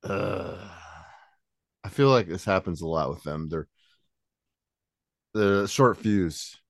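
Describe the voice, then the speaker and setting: Deep-voiced laid-back podcast host. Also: male voice, expressive, takes it slowly, gravelly, dry recording, clean studio sound. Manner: laid-back, blunt, swears. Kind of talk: casual chat.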